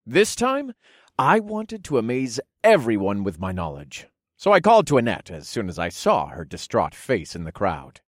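A man's voice: medium pitch, normal speed, no room sound, studio quality. A man narrating a first-person fantasy story and voicing its characters. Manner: expressive, commanding in dialogue.

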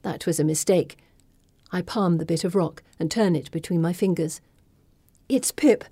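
A woman narrating a first-person audiobook in a steady, intimate storytelling manner. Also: on the low side, normal speed, slightly rough, dry recording.

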